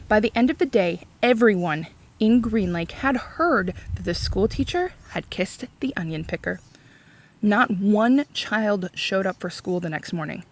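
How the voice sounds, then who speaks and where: A woman reading a chapter book aloud for a read-along, expressive and explaining the story in simple terms. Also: medium pitch.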